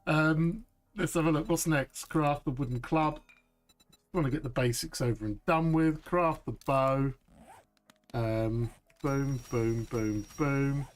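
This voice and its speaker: Man, game streamer, unhurried, chatty live commentary. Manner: chatty, upbeat, says "boom" a lot.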